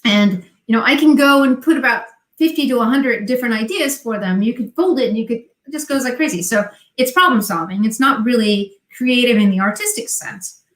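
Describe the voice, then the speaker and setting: Jersey lady telling stories on a video call, acts out the quotes, kinda high voice, echoey room. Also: fairly quick. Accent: New Jersey. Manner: animated storyteller acting out quoted dialogue. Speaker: guest. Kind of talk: casual chat.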